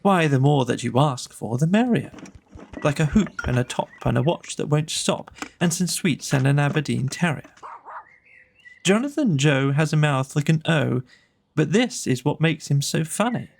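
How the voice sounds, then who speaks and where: A man gently reading children's poems aloud with a rhythmic lilt. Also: on the high side, animated, normal speed, vocal fry, a little hiss or hum. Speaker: storyteller.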